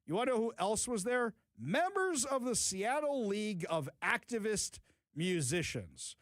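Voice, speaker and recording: A man's voice: sits high, very animated, unhurried, fairly bright tone, no echo. A man hosting a talk show, giving opinionated commentary with sarcastic, mocking asides. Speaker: talk radio host. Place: radio studio.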